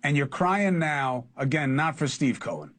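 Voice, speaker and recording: A man's voice: fairly high pitch, expressive, normal speed, a bit bright. A man interviewing a guest on TV news, speaking in an earnest, consoling, reassuring way.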